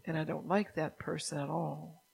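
A woman preaching a sermon who keeps asking the listeners if they understand, sometimes dropping into a soft whisper. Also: low-pitched, level tone, moderate pace, creaky, slightly rough, poor audio. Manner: drops at times into a soft whisper.

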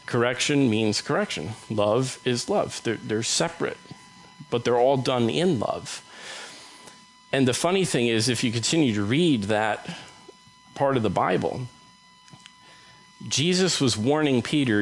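A man's voice: medium pitch, lively intonation, low-quality recording. Man preaching a casual sermon. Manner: conversational, acts out Bible dialogue in quick voices.

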